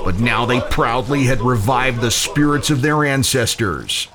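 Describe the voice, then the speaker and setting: A man narrating a pulp audio story in a dramatic, deliberate reading. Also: mid-range voice, expressive, a crowd in the background.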